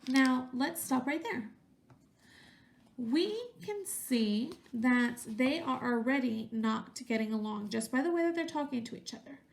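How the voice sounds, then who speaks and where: A woman's voice: high-pitched, lively intonation, a little slow, creaky. A woman teacher reading a picture book aloud to young children, stopping to ask questions and using voices for the characters.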